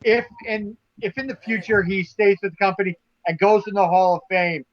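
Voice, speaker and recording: A man's voice: high-pitched, steady tone, normal speed, dull audio. A man co-hosting a casual wrestling talk show, emphatic and prone to repeating himself as he makes his points. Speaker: podcast co-host.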